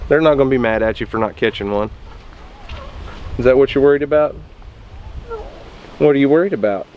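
A man in his thirties with an Oklahoma accent, hosting a casual homestead vlog outdoors in a gentle, coaxing, teasing way. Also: medium pitch, brisk, lo-fi sound, slight background noise. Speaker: homesteading vlog host and father. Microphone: camera-mounted shotgun mic.

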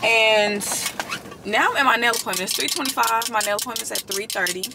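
A chatty, sleepy young woman talks to her phone camera, held or propped, as she runs errands, moving between her car and a mall. She addresses viewers as y'all in a slightly high, brisk, creaky voice, and heavy background noise fills the recording.

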